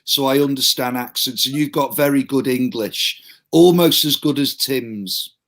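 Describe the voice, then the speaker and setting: A man hosting a casual chat, chatty and quick to laugh. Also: medium pitch, a bit bright. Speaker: host. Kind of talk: casual video-call chat.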